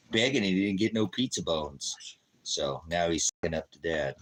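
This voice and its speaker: A man's voice: deep voice, lively intonation, moderate pace, a bit bright. A man preaching casually on a live stream from home, rambling, joking and talking to his dogs.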